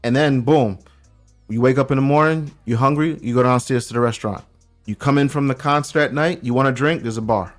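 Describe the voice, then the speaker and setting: This middle-aged Brooklyn, New York man is a guest checking in from abroad on a casual podcast, telling stories in street slang and often restarting his sentences. His voice is medium-pitched and fairly quick, with faint music behind him.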